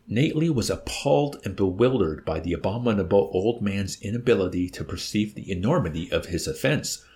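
A man narrating a novel in measured, expressive storytelling. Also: low voice. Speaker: audiobook narrator. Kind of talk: scripted narration.

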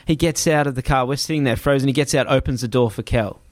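A man telling a travel story in casual chat, animated and swearing, acting out other people's voices. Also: mid-range voice, quick pace, dry recording.

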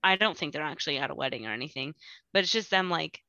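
A woman's voice: sits low, lively intonation, quick pace, pushed and bright, dry recording, highs cut off. A woman guest on a podcast, chatting casually and rambling with lots of "like". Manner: rambling, full of "like". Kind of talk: casual chat.

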